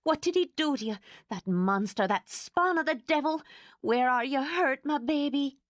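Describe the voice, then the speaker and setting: A woman's voice: normal speed, no echo, studio quality, natural voice. A woman putting on a fiery older housekeeper. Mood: outraged. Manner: indignant, excitable, shrill outbursts. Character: fierce protective older female housekeeper.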